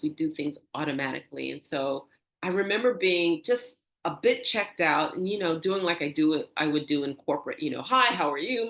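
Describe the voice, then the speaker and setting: An older woman, a guest in an interview, telling a personal story with animated, acted-out dialogue and soft, hushed reflective moments. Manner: animated, acts out quoted dialogue with rising pitch. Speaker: interview guest, energy healer.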